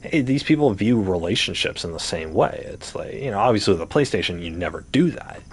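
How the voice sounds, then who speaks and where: This streamer's low voice moves briskly with lively intonation as he rants mid-game, swearing and tossing out rhetorical questions. Slight background noise sits behind him.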